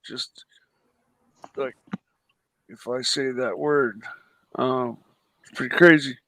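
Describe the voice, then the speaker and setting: A man's voice: mid-range voice, fairly even intonation, takes it slowly, sharp tone, no room sound, poor audio. A tired man chatting casually on a livestream, rambling, swearing freely and laughing between sentences. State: exhausted. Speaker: guest on a livestream. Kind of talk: casual chat.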